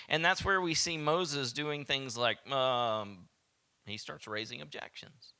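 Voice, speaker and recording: Smooth and unhurried, with a medium pitch, this Southern American pastor delivers an animated sermon. He voices the quotes he relates and at times sinks into a hushed whisper.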